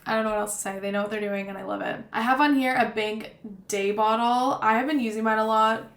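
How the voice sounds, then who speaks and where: A woman's voice: on the high side, steady tone, fast. A young woman chatting casually about gift ideas, rambling with lots of fillers. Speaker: vlogger. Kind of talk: casual gift-guide talk to camera. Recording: roomy echo.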